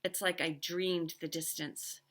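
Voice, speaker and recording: Expressive woman reading a novel aloud. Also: on the low side, a little slow. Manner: expressive, stops to comment on the story.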